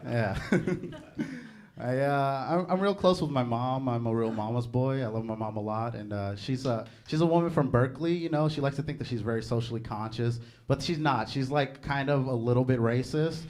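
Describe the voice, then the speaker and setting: A man's voice: medium pitch, moderate pace, darkish tone. A young man performing stand-up comedy, chatty and laughing at his own jokes. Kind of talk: stand-up set.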